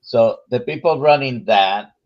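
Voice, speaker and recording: A man hosting a casual interview, speaking haltingly with many pauses and fillers. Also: mid-range voice, dull audio. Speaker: host.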